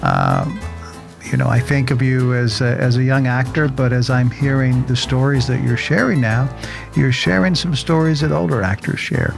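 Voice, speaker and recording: A man's voice: medium pitch, animated, normal speed, creaky, music in the background. A man hosting a casual interview chat, jovial, with frequent stammering restarts. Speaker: host. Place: local studio.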